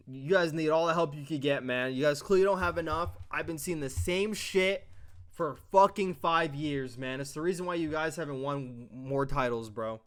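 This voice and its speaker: A man giving heated, profane commentary on a match as an esports analyst, talking at home. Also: on the high side. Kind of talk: ranting commentary.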